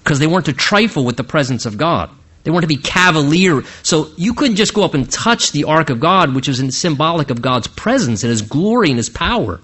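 A middle-aged man preaching a sermon as pastor, animated and acting out the voices he quotes. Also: a little high, a little fast, husky.

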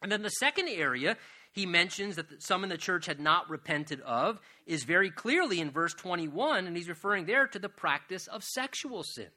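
A man's voice: sits high, lively intonation, moderate pace, sharp tone. A man preaching a sermon, earnest and direct, building to emphatic appeals to his listeners. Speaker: pastor.

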